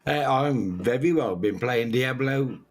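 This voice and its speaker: A man as a guest in a casual chat, unhurried and hesitant. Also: mid-range voice, over music.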